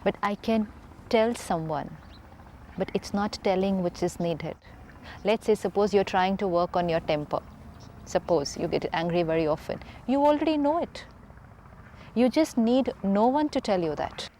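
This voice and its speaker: A woman's voice: medium pitch, moderate pace, warm tone, slight background noise. A woman with an Indian English accent, a spiritual teacher explaining earnestly on a talk show, often repeating key phrases for emphasis.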